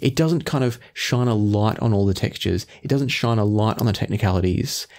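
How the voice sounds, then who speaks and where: A man reviewing earphones in measured talk, often qualifying his claims. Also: on the low side, a little mellow. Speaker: audio gear reviewer.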